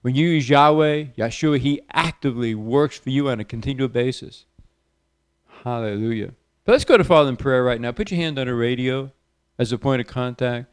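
Man, radio preacher, sermon and prayer, smooth voice, dry studio sound. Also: medium pitch, brisk, no room sound. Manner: reads scripture in a raised, emphatic voice, then prays softly. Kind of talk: sermon with Bible reading and prayer.

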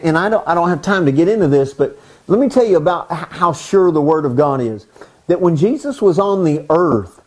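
Man, teaching sermon, earnest, casual, vivid storytelling, fairly high voice. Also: darkish tone. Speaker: Bible teacher.

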